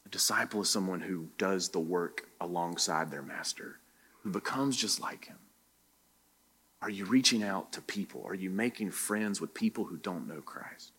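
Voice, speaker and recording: A man with a low voice preaches to his congregation. He fires question after question at the room, and his words ring out with a long hall reverb. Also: a bit bright, husky. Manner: preaching with many direct questions to the listeners. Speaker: pastor. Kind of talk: sermon. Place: church room.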